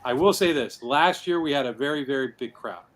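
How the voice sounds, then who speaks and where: Guy organizing a con, talks fast, thankful and eager, mid voice. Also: medium pitch, expressive. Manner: eager, thankful, quick talker. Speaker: guest, convention organizer. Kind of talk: casual chat.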